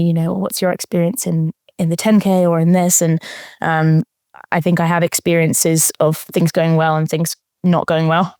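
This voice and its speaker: A woman's voice: lowish voice, a little mellow, no echo, clean studio sound. A young adult woman talking casually as an interview guest, thoughtful, with frequent fillers and restarts. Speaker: interview guest, marathon runner.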